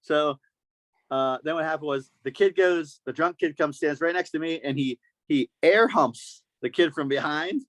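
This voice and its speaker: A man's voice: fairly high pitch, normal speed, no echo. Man telling a story. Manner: animated storyteller acting out quoted voices. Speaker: podcast host. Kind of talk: casual podcast chat.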